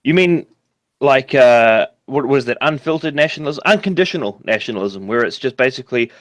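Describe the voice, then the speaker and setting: A man's voice: medium pitch, expressive, a little fast, dry recording. A man from New Zealand with a New Zealand accent, calling in to a casual chat and talking in a rambling, profane way full of fillers. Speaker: caller.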